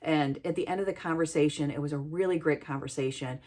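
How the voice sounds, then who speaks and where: A woman's voice: low-pitched, quick pace, a little mellow. A middle-aged woman, a healthcare worker, giving an earnest, heartfelt reflective talk about listening.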